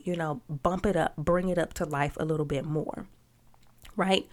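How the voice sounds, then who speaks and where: A woman's voice: fairly low pitch, darkish tone. A woman coaching on storytelling in a conversational podcast talk who often checks in with "right?" and plays with emphasis.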